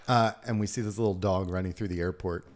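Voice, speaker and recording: A middle-aged man hosting a podcast, telling stories in casual chat, swearing often and acting out other people's lines loudly. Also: sits low, fast. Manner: animated storyteller, swears, acts out quotes loudly. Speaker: podcast host.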